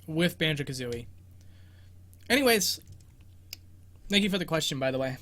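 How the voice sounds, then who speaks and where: A young man with a high, sharp, expressive voice hosts a casual livestream Q&A about a video game from his bedroom as host of a game exploration show. He speaks at a moderate pace with long pauses, rambling, self-deprecating, and laughing often.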